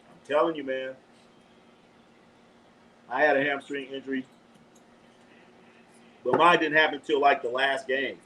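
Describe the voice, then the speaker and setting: A man's voice: mid-range voice, a little slow, long pauses, a little hiss or hum, rough recording. A man from Los Angeles hosting a live sports show, talking in a loose, profane, trash-talking way. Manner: animated, profane trash talk. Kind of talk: casual live sports chat.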